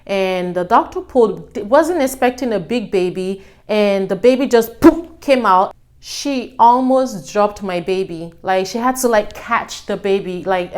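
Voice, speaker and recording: A young adult woman casually telling her own story to her viewers, acting out what people said with a raised voice. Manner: animated, acts out quotes with raised pitch.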